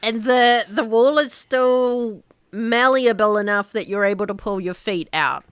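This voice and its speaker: A woman narrating as game master of an online tabletop game, laughing often between quick rulings. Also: on the high side, a bit bright, clean tone, no echo, clean studio sound.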